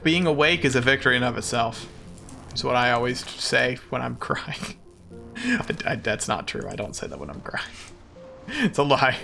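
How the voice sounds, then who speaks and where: A man's voice: mid-range voice, gravelly, pushed and bright. A man streaming a game as a VTuber, chatting casually with his viewers in a playful, self-mocking, jokey way.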